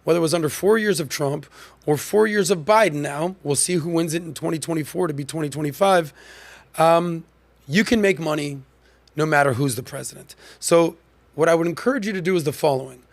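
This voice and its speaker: A man's voice: on the high side, fairly quick. A man hosting a podcast, delivering a punchy, emphatic commentary monologue. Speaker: podcast host.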